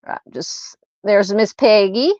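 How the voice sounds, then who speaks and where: Speaking slowly in a mid-range voice, a Southern woman runs a casual true crime livestream, reading comments and talking loosely with frequent fillers and laughs. She's chatty and warm to her viewers. There's no room sound; she's recorded dry and close through a somewhat muffled, dull mic.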